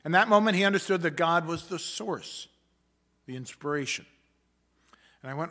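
A man delivers a sermon in an earnest, measured voice that sits a little high. His tone is bright and forceful, and he slows down deliberately to stress his main points. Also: animated. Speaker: preacher.

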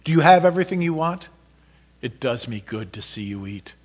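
A tender, loving mother who speaks softly and sometimes drops to a hush, as a man reading the story gives her voice. Her warmth carries through a gentle storybook reading. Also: fairly high pitch, lively intonation, fairly quick. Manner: soft, tender, at times hushed.

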